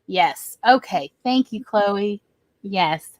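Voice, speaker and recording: A woman's voice: medium pitch, animated, takes it slowly. A woman with a Southern US accent hosting a casual livestream chat, rambling and laughing easily. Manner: chatty, rambling, laughs often. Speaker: host.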